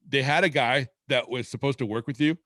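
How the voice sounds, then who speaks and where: A man from Seattle hosts a casual podcast and rambles through a long, profane story in an easygoing manner. He speaks briskly in a medium-pitched, a-bit-bright voice, with a dry, clean studio recording.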